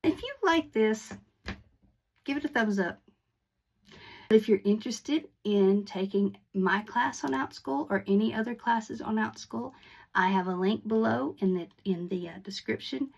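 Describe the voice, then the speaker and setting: A woman's voice: on the high side, unhurried, gravelly, rough recording. A woman hosting her own channel, giving a casual video lesson to camera in a friendly way, often restarting and repeating her words. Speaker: online teacher and channel host.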